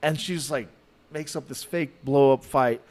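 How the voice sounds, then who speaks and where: A man telling a podcast story in an animated, rambling way, full of fillers and likes. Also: mid-range voice, measured pace. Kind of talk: casual storytelling.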